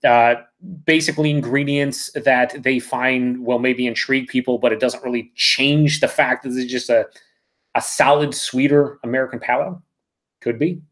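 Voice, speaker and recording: A man's voice: medium pitch, steady tone, moderate pace, a bit bright. A man hosting a live beer review, talking casually and reading out viewer comments, rambling and correcting himself.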